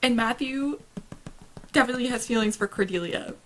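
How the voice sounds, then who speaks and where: Excitable young woman with vocal fry. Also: medium pitch, normal speed, a little hiss or hum. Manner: excitable and gushing, fretting aloud and laughing often. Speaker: book vlogger. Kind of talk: casual reading vlog chat.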